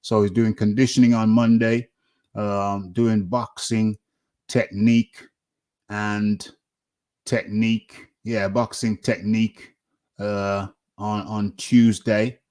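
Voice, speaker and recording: A man hosting a casual boxing talk show, speaking haltingly with many fillers and restarts. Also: fairly low pitch, level tone, darkish tone.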